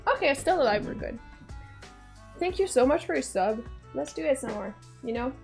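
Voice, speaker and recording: A woman's voice: sits high, animated, a little fast, vocal fry, darkish tone, faint music behind. A young adult woman streaming from home on a desk mic, chatting casually with her chat in a playful, teasing way, laughing often. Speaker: live streamer. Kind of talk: casual live-stream chat, reading chat aloud. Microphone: desk microphone.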